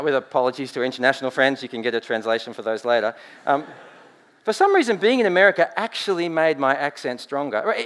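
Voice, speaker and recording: An Australian man preaching a sermon with lively swings between loud emphasis and quiet asides, often checking in with "right?". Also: on the high side.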